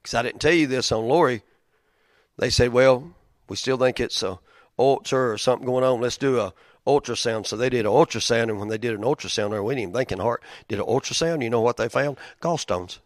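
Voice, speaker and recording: A male pastor delivers a sermon like a story told to friends. He swings from loud outbursts to hushed near-whispers. His voice sits at a middle pitch, recorded close and dry with no room sound. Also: a little fast, no room sound. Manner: conversational, storytelling with big swings in loudness and pitch.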